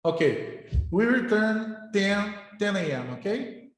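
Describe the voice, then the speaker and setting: A middle-aged male professor, speaking informally to his class in halting English, often repeating words. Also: high-pitched, sing-song. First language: Portuguese. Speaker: university professor. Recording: very echoey room.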